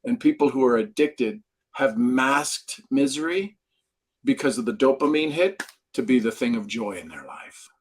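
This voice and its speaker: A man as a podcast guest, a brain trainer, explaining ideas and telling stories with lively acted-out quotes. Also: medium pitch, normal speed, slightly rough. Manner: animated storyteller, acts out quotes. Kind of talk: podcast interview.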